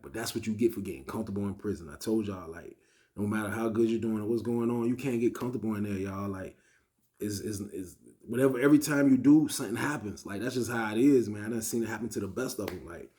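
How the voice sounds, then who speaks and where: A man's voice: on the low side, brisk. Slangy man telling a prison story. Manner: animated, acts out dialogue with loud bursts and whispers; slangy, frequent "you know what I mean". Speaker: storytime vlogger. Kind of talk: casual storytelling to camera.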